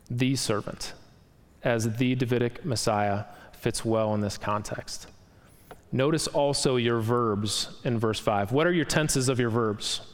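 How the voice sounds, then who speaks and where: A man's voice: medium pitch, big-room sound. A man pastor preaching an expository sermon, reading scripture aloud and explaining it verse by verse.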